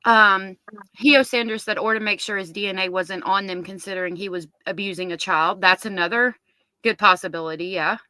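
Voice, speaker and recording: A woman's voice: medium pitch, fairly even intonation, brisk, pushed and bright, smooth, dry recording. A woman hosting a casual livestream, reading viewer comments aloud and reacting to them. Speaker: livestream host.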